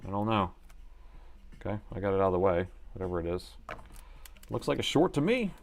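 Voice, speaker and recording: Male repair streamer, lower register, relaxed commentary that drifts between mumbling and addressing viewers. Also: brisk. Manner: muttering to himself, then chatty to viewers. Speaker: livestream repair host. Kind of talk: casual live commentary while repairing.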